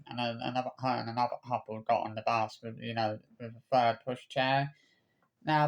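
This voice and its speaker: Stammering, indignant man ranting. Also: medium pitch. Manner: halting, many stammered restarts and repeated words; swears freely, indignant. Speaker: vlogger. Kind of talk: angry personal rant.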